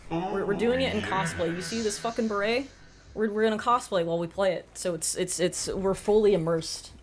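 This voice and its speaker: A woman in her thirties streaming live, chatting casually with viewers, swearing freely and bursting into loud excited greetings. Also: mid-range voice, fairly quick.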